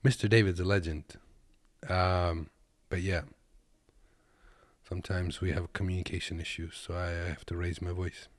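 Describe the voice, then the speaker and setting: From his desk, a man who drives trucks and hails from Kazakhstan jokes his way through relaxed reaction commentary, addressing viewers as "boys." He sits low in pitch and talks flatly at a moderate pace, with no room sound.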